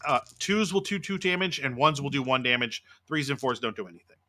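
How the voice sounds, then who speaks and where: A man's voice: medium pitch, lively intonation, a little fast, sharp tone. Upbeat male game master. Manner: explains rules, then narrates the action vividly. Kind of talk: narrating a tabletop game.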